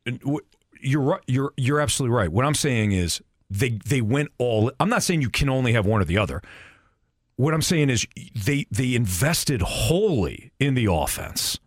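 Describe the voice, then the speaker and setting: A man's voice: medium pitch, big pitch swings, moderate pace, slightly rough, no room sound, studio quality. A man hosting a sports talk show, arguing his points emphatically and repeating them for stress. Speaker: sports radio host.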